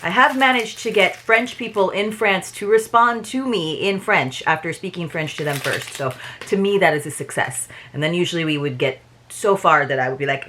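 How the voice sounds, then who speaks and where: A woman's voice: low voice, a little fast, fairly bright tone. A woman vlogger in a casual unboxing chat, talking in chatty, rambling asides.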